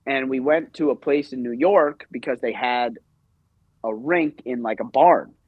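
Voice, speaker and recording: A man in his thirties tells a story as a podcast guest, rambling along and leaning on filler words. His voice is an ordinary middle pitch. The audio is dry and a little dull. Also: a little slow, dry recording. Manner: rambling, filler-heavy, animated retelling. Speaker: podcast guest, hockey coach. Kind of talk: casual storytelling interview.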